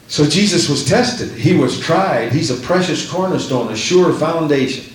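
Fervent high-voiced man preaching a sermon. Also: moderate pace, hardly any pauses. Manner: fervent preaching, repeating phrases for emphasis, reading scripture aloud. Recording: echoey room.

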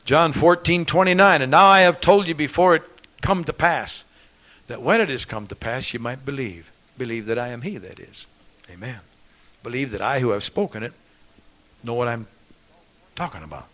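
A man preaching a fervent sermon, reading scripture in a ringing voice and swinging between loud proclaiming and hushed asides. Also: medium pitch, lively intonation, normal speed, pauses often, rough recording.

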